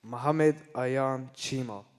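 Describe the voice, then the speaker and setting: A teenage boy speaks up from the audience, far from the mic. His answers are short and soft. The big hall's reverb trails after each word. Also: mid-range voice, slow. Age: teens. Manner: brief, quiet replies. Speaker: audience member. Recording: distant in a reverberant hall.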